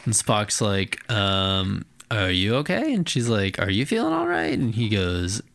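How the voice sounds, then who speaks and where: Laid back podcast dude, laughs a lot, lively pitch all over the place. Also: male voice, measured pace, vocal fry, slight background noise. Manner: laughs often, easygoing. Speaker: podcast co-host. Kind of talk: casual chat recapping an episode.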